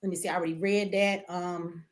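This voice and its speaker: A woman's voice: fairly low pitch, flat delivery, fairly quick. A middle-aged woman, hosting a livestream and talking bluntly, profanely and with heat to her viewers. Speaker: livestream host. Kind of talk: emotional livestream rant.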